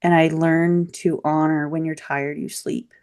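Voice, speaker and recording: A woman guest on a podcast interview, telling a personal story in a lively, candid way. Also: sits low, measured pace. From Michiana region, US Midwest. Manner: lively, animated storytelling with laughs and voiced quotes. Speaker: podcast guest, local practitioner.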